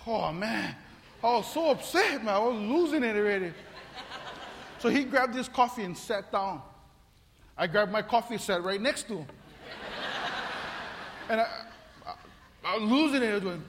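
A man's voice: high voice, expressive, moderate pace, pauses often, a bit bright. A man, a pastor telling a comic story in a sermon, acting out voices and laughing often. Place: church hall. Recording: long reverb of a large hall.

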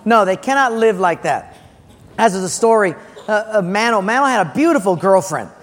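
High-voiced pastor preaching in a hall. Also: male voice, moderate pace. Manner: animated storytelling, acts out characters with loud outbursts. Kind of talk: sermon.

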